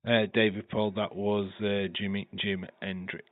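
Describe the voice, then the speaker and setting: A tired, stuffy-nosed man hosting a livestream, giving loose wrestling play-by-play with swearing and sudden excited bursts. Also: on the low side, measured pace. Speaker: livestream host. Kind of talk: casual wrestling watch-along commentary. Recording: thin phone-like sound.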